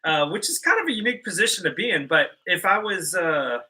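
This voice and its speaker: A male podcast co-host with a very bright, slightly high voice. He talks in a laid-back, teasing way during a relaxed studio chat. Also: a little fast, rough recording.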